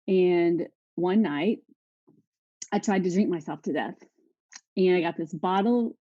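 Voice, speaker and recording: A woman's voice: lowish voice, dark tone, no echo, muffled recording. Candid woman sharing her recovery story. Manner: candid and emotional, addressing the audience directly. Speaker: recovery speaker. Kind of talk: personal testimony talk.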